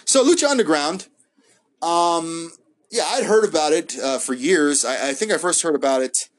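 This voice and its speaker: Solo host, male, rambly casual review, lots of ums and restarts, voice sits a bit high. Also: lively intonation, moderate pace. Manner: rambling, hesitant, many fillers and restarts, laughs often. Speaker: wrestling podcast host.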